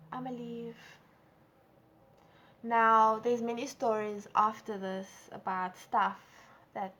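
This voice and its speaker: Young south african girl telling a story, lively, kinda high voice. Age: young adult. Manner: animated, acts out quotes with big pitch jumps. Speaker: vlogger. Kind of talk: casual storytime.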